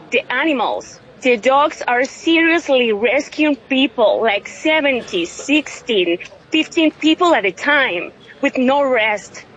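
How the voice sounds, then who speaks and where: A woman in her thirties from Venezuela, tearful and overwhelmed, speaking haltingly with many restarts in an emotional interview over a phone line. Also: fairly high pitch, fairly bright tone. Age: 30s.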